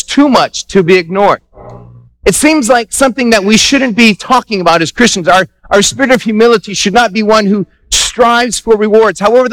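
Man, pastor, high voice, animated sermon, acts out dialogue, dry close sound. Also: no room sound, low-quality recording. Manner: animated preaching with acted-out dialogue and repetitions. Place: church sanctuary.

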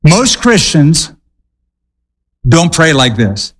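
A male pastor preaching a sermon, telling stories with dramatic pauses and quick bursts. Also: fairly high pitch, big pitch swings, slightly rough, in a large hall, rough recording.

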